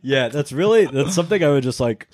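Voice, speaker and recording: A man co-hosting a podcast in casual chat, rambling with lots of fillers and deadpan asides. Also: medium pitch, quick pace, a little hiss or hum. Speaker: podcast co-host.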